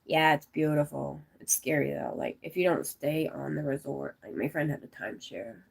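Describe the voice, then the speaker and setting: A woman's voice: low voice, normal speed, vocal fry, husky. A woman in her forties from the United States, chatting casually on a live stream, rambling through stories and answering viewers' comments. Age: 40s.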